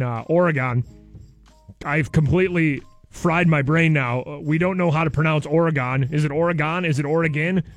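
High-pitched guy doing loose jokey morning radio banter, faint music under him. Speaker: radio morning show host.

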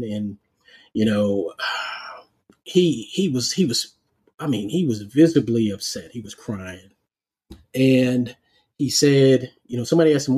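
Warm, husky-voiced male podcast host. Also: medium pitch. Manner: animated storyteller, acts out dialogue. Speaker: podcast host, former police chief. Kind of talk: conversational interview storytelling.

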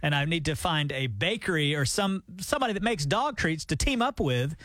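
A man co-hosting morning radio, playful and mock-serious as he pitches ideas, speaking into a studio microphone. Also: lively intonation, brisk, a bit bright, dry recording. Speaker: radio show co-host.

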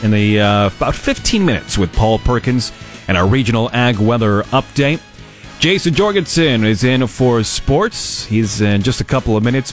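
A man hosting a farm radio show in a studio, chatty and easygoing, laughing along with his co-hosts. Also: mid-range voice. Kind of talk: casual radio chat. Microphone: studio microphone.

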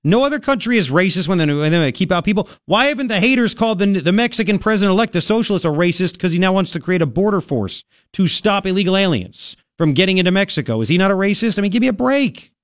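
A man's voice: sits high, animated, quick pace, hardly any pauses, dry recording. A man hosting a talk radio show, delivering a brash, sarcastic, opinionated monologue into a studio microphone.

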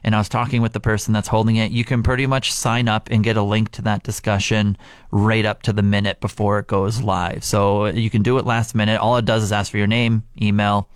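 Lowish male radio co-host, earnest casual chat, dry studio sound. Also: level tone, brisk, clear, resonant tone, no room sound.

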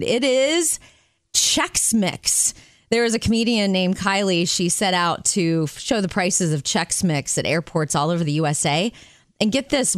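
An upbeat woman co-hosts a radio show and tells stories in a chatty way. Her voice sits at a middling pitch. The studio sound is dry and close. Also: no echo. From Florida, US. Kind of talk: casual radio show chat.

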